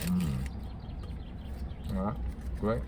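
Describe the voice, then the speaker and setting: A man's voice: deep voice, expressive, very slow, background noise. A Scottish man in his fifties, rambling casually to camera as a vlogger and often digressing. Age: 50s. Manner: rambling, digressive, keeps calling viewers "folks".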